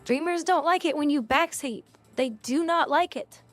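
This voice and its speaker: A woman's voice: sits high, normal speed, faint music behind. A woman game streamer talking casually to her chat, bluntly scolding viewers and swearing now and then.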